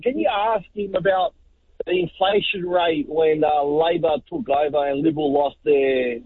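An Australian truck driver in his forties calls in, hesitating and stumbling over his words. His voice is raspy and gravelly, a touch high for a man, and it comes through a dry, tinny phone line. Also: animated, dry recording. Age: 40s. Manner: halting, full of fillers, gravelly. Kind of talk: phone-in chat.

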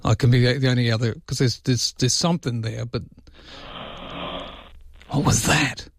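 A man's voice: medium pitch, steady tone, normal speed, dry recording, studio quality. An Australian man hosting late-night talkback radio, chatty and rambling, with mock-indignant outbursts. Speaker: overnight radio host. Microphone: studio microphone.

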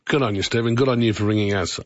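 An Australian man hosting a casual radio chat, relaxed and full of fillers. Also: lowish voice, rapid-fire, no echo. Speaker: radio host. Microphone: studio microphone. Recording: dry, slightly muffled radio studio.

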